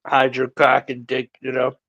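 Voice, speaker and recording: A man's voice: mid-range voice, completely flat delivery, moderate pace, fairly bright tone, no echo, highs cut off. A man co-hosting a casual live show, joking, teasing and swearing. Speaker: co-host.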